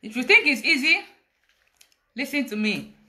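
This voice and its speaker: A Ghanaian woman speaks in a high, bright voice on a live stream. She talks in a dramatic, preachy confessional style, switching between English and Twi. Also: animated, moderate pace. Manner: preachy, dramatic, laughing storytelling mixed with Twi. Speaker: livestreamer confessing. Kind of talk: Facebook live confessional monologue.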